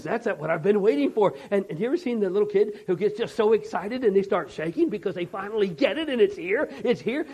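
Man, pastor, sermon, high-pitched, husky, dynamic preaching, loud then hushed. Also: low-quality recording.

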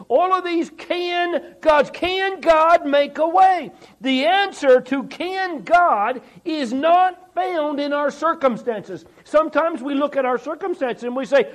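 A man with a strikingly high voice preaching a sermon. He talks to his congregation conversationally, stumbling over and repeating words, then presses hard on rhetorical questions. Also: slow, few pauses. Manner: conversational preaching with frequent repetitions and restarts; rising emphatic delivery on rhetorical questions. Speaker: pastor.

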